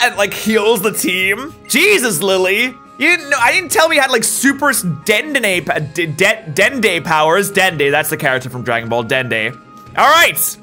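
A woman's voice: on the low side, sing-song, normal speed, sharp tone, faint music behind. A woman hosting a game let's play, chatty and joking as she plays and reads out comments. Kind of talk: gameplay commentary, reading comments.

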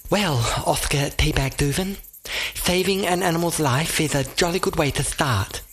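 A lisping, chirpy female animal mechanic, put on by a man reading an audiobook, pitched well up with an altered, brighter edge. She talks in a friendly, brisk, slightly posh way. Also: husky. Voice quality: lisp. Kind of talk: audiobook character voice.

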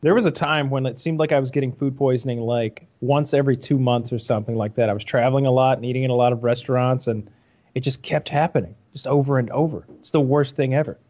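A man's voice: medium pitch, fairly even intonation, fast, darkish tone, muffled recording. A man co-hosting a podcast, making dry, laid-back remarks in casual chat. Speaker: podcast co-host.

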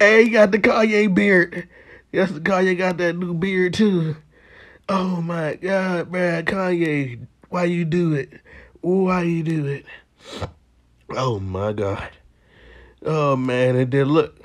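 A man's voice: fairly high pitch, slow, long pauses. A man hosting a casual reaction video, joking in heavy slang and laughing often.

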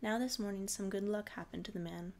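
A woman reading a short fairy tale aloud in a relaxed, informal way, laughing off her slips. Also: mid-range voice, brisk. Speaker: storyteller.

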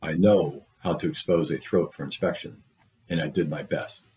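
Deep-voiced man reading a story aloud. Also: rough recording. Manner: steady, measured storytelling with voiced dialogue. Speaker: audiobook reader. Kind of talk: read-aloud literary narration.

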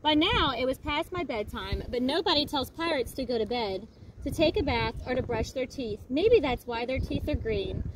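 A woman reads a children's picture book aloud with lively, expressive delivery. Her voice sits high and moves around a lot, in a noisy outdoor recording by a lakefront. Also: moderate pace. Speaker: storybook reader.

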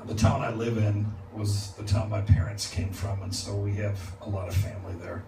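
A man's voice: lowish voice, steady tone, moderate pace. A male guest preacher telling a story in a conversational sermon, acting out the dialogue and laughing along. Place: church sanctuary. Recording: echoey church from far off with noise.

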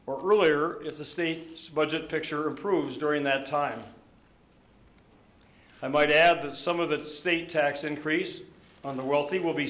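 Politician at a podium, slightly higher-pitched man, measured, emphatic delivery of a prepared statement. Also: fairly bright tone, echoey room. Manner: measured, deliberate, emphatic on key words. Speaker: governor. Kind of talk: prepared budget statement at a news conference. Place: news conference room.

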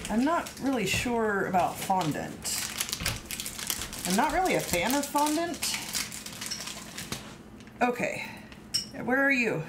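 A fairly high-pitched woman with a very lively, bouncing voice chats playfully as she bakes in her home kitchen. She reads the instructions aloud and jokes about them. The live-stream audio carries a clear layer of noise. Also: slow pace, pauses often. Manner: playful, joking, narrates the steps. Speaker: baking stream host. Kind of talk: casual chat while baking.

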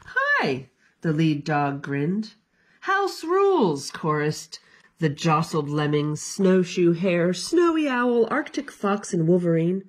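A woman librarian giving an expressive, sing-song storytime read-aloud for children. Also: on the low side, takes it slowly.

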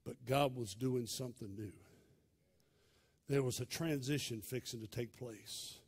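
A male pastor, preaching a sermon in a dramatic storytelling way that swings from loud to hushed. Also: mid-range voice, a little slow, husky.

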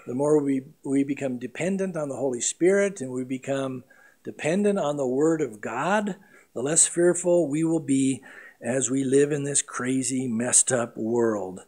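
With a medium-pitched voice, a middle-aged pastor delivers an earnest, emphatic sermon. He shifts dramatically between loud passages and quiet ones.

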